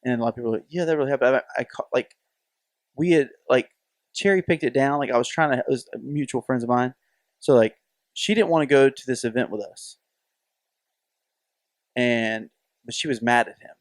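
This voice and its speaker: In clean, dry studio sound, a male podcast co-host talks briskly at a medium pitch, pausing often. His casual chat is full of animated storytelling, and he performs the quoted voices of the people in his tales.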